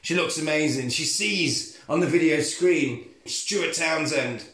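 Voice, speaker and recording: A man telling a film's plot as a comic recap, sweary and animated. His voice sits a bit high. The room around him echoes. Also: measured pace. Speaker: podcast co-host.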